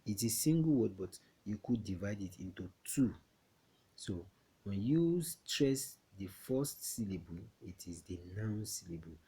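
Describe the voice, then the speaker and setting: A man from Nigeria teaching a classroom English lesson, slow and repetitive, often checking that students understand. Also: lowish voice, sing-song, mellow, breathy edge.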